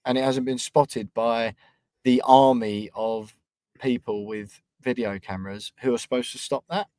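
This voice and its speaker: Man, podcast host, chatty and self-mocking, mid-pitched voice, dry close sound. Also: unhurried, mellow, no room sound. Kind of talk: casual podcast chat.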